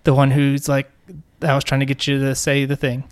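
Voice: mid-range voice, monotone, brisk, dry recording. A podcast co-host chatting casually, with a dry, teasing sense of humor. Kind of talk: casual chat.

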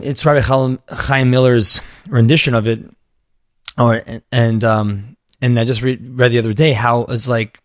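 An earnest man hosts a relaxed conversation, walking through spiritual ideas with animated asides. His voice sits at a middle pitch and comes through dry and close, with no room sound around it. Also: no room sound. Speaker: podcast host. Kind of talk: casual conversational interview.

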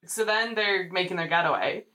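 Low-voiced woman chatting casually. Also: normal speed, roomy sound, distant mic, rough recording. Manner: animated retelling, acts out quotes. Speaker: podcast co-host. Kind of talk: casual chat.

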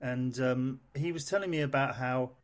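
A podcast co-host chats casually in an interview setting, rambling and hesitant with many fillers. He speaks at normal speed in a mid-range voice.

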